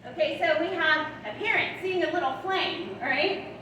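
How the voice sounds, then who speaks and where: High-voiced woman teaching in an echoey hall. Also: normal speed, bright, forceful tone. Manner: tags lines with "right?" and "all right?"; acts out soothing words to a child. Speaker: guest speaker on attachment. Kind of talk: training talk to foster and adoptive parents. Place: large hall. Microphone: room mic far from the speaker. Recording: echoey hall from far off, noisy.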